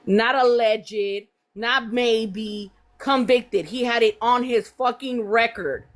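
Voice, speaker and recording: A woman's voice: on the high side, slow pace. A woman host who confronts a guest on a live call, swearing and repeating her questions.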